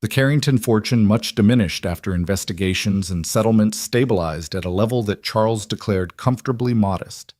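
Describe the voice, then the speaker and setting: A man reading a scripted story aloud in an even, measured way. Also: lowish voice, no room sound, clean studio sound. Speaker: narrator.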